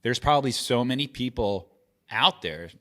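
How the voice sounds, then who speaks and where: A man's voice: medium pitch, lively intonation, moderate pace, fairly bright tone. A man in casual podcast chat as a guest, rambling with restarts and swearing freely. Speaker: podcast guest and video editor.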